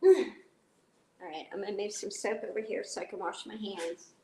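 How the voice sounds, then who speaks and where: A woman's voice: mid-range voice, fairly even intonation, normal speed, dark tone. A middle-aged woman with a stuffy nose, live streaming casually while cooking, chatting with viewers and telling rambling stories. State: stuffy, blowing her nose.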